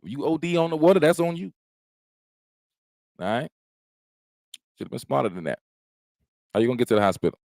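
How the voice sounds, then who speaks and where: Smoking at home during his own stream, a comedian rambles through relaxed, foul-mouthed stories. His mid-range voice has a sing-song lilt, a fairly quick pace, some creak, long pauses, and a darkish tone, with no room sound.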